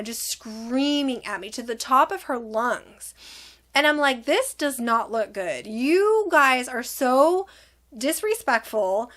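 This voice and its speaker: A middle-aged woman with a somewhat high voice tells a personal story in a casual storytime vlog. She is animated, and she acts out both sides of an argument in quick reported dialogue. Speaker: vlogger telling a personal story.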